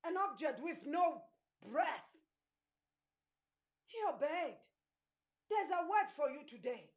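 A woman preaching an impassioned sermon, urging her listeners with repeated calls and rising shouts, her voice going hoarse. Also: sits high, sing-song, slow.

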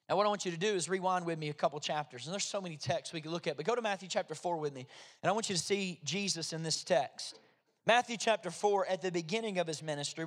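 Man, pastor, sermon, emphatic repeated phrases, high and bright pitch. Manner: builds to loud emphatic repetition, then drops to a soft prayer. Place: church hall with congregation.

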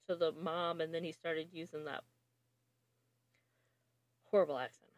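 A woman co-hosting a podcast, trading quick quips in casual movie chat. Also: on the low side, a little mellow, no room sound. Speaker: podcast co-host.

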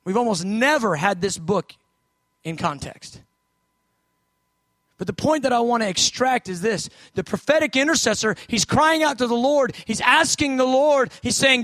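A man delivers a sermon in a high, bright voice. He climbs to shouted urgency, then sinks to a hushed, low telling as he acts out the prophet's pleas. The sound is dry and close. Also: lively intonation, normal speed, no echo. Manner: swings from shouted urgency to hushed low storytelling, acting out quoted prayers. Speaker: preacher.

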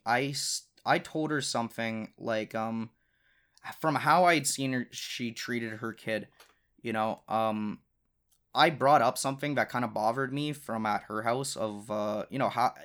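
A man's voice: mid-range voice, a bit bright. A man in his twenties hosting a solo podcast, telling a story in a rambling, profane way full of filler words. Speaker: podcast host.

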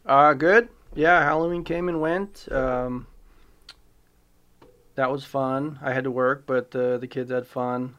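Laid-back guy on a podcast, talks slow with lots of uhs and ums. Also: medium pitch, steady tone, a bit bright. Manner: easygoing, filler-heavy. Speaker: podcast co-host. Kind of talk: casual podcast chat. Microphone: remote recording setup.

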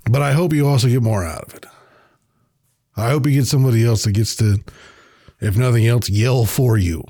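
A man's voice: medium pitch, normal speed, long pauses, warm tone, no room sound, studio quality. A man hosting his own podcast, talking alone in a blunt, profane but earnest and reflective way. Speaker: podcast host. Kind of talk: casual solo monologue.

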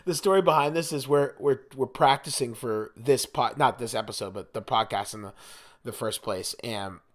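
Medium in pitch and moderate in pace, a young man from New Jersey chats loosely as a podcast co-host. He rambles, often restarting sentences and leaning on fillers.

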